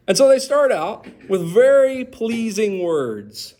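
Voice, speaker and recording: Lively high-voiced man teaching a Bible study. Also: takes it slowly, hardly any pauses. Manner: animated, asks the group questions. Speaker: pastor.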